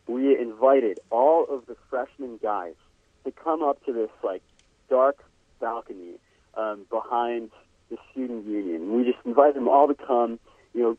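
A young man tells a rambling story, laughing between his words and full of fillers. He comes through a tinny phone line. The sound is dry, with no room echo. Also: medium pitch. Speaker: guest musician. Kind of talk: casual storytelling.

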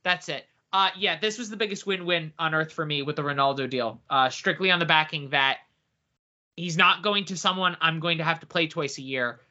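A man co-hosting a casual podcast, talking in an excitable, animated way. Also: fairly high pitch, a little fast. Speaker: podcast co-host. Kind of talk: casual chat. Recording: dull lo-fi audio.

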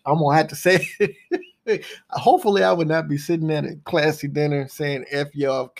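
A man with a slightly higher voice and a gravelly edge hosts a recurring segment. He delivers a casual motivational monologue, hammering points home with repetition and dropping "man" into nearly every thought. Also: steady tone, moderate pace. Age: adult with a son. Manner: emphatic, repeats phrases for punch; laid-back slang, says "man" often.

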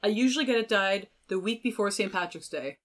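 A young adult woman, a violinist, guests on a podcast and speaks briskly at medium pitch. She tells animated stories in casual, chatty interview talk packed with filler words.

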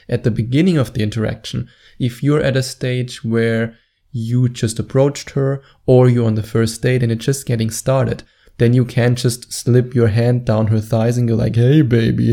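A man's voice: medium pitch, warm tone. A man giving dating advice straight to camera in a confident, instructive way, stretching words out for emphasis. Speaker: dating coach. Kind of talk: direct-to-camera advice monologue.

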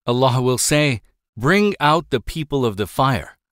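A man's voice: medium pitch, animated, a bit bright, no echo. Man reading religious text aloud, dry. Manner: measured, formal recitation with reverent drops on honorifics. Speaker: audiobook reader.

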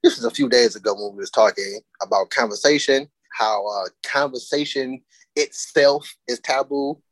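A woman co-hosting a casual podcast, telling stories loosely with frequent laughter and drawn-out emphasis on key words. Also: extremely low pitch, dry recording. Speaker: podcast co-host.

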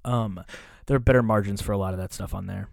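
A man's voice: lowish voice, fairly even intonation, quick pace, creaky, no room sound, clean studio sound. A man talking loosely and candidly as a podcast guest, swearing now and then. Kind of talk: casual podcast chat.

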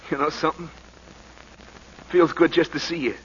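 An actor playing a shy, loyal young boxer, plain-spoken, in 1940s radio acting style. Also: male voice, on the high side, steady tone, moderate pace, a little hiss or hum, close to an everyday voice. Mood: bashful. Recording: muffled old radio recording.

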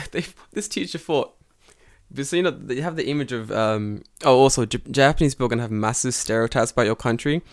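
A man from England telling stories in a casual chat, animated and profane, acting out quotes in high voices. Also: a little fast.

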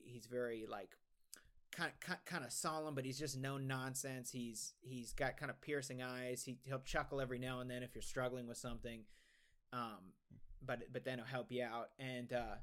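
A man's voice: medium pitch, fairly even intonation, moderate pace, fairly bright tone. Rambling, profane young man telling a story. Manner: rambling, profane, many restarts. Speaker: podcast co-host. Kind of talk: casual storytelling chat.

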